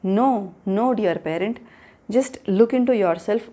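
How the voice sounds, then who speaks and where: A woman speaks straight to the camera as a parenting coach, her voice mellow and warm rather than bright. She talks earnestly, repeats her key points and keeps turning to the listener with rhetorical questions. Her pitch sits in a middle range for a woman. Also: measured pace. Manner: earnest, repetitive, addresses the viewer with rhetorical questions. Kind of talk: direct-to-camera advice talk.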